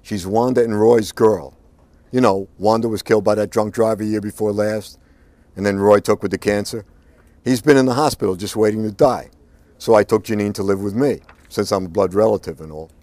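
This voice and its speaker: A cornered woman begs and defends herself in a crime audiobook, as a male narrator puts her on. The voice sits higher than his own and pushes forward, dry and close to the mic. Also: fairly even intonation, a little mellow, no echo, natural voice. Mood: pleading. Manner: pleading, rushed, defensive. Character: tough hardened woman caught between kin.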